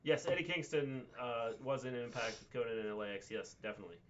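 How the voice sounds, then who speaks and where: A man co-hosting a casual livestream recap, talking in a measured way with frequent hesitations and "um"s. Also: medium pitch, lively intonation, lo-fi sound, a little hiss or hum. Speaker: co-host.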